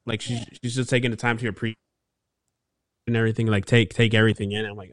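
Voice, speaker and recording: A man's voice: fairly low pitch, flat delivery, fast talker, dry recording, studio quality. A man co-hosting a podcast, chatting casually and rambling with lots of fillers and restarts. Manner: rambling, laid-back, many fillers and restarts. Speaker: podcast co-host. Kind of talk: casual chat.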